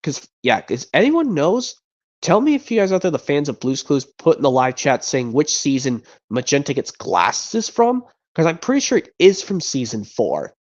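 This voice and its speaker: A man's voice: fairly high pitch, huge pitch swings, moderate pace. A man streaming, chatting casually and rambling with frequent restarts and repeated words. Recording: dull lo-fi sound.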